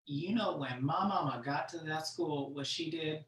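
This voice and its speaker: Slow, bright stand-up storyteller in an echoey room. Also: medium pitch, distant mic. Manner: slow, animated storytelling with frequent laughs. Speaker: comedian. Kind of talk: stand-up storytelling on a virtual show. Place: room at home for a virtual show.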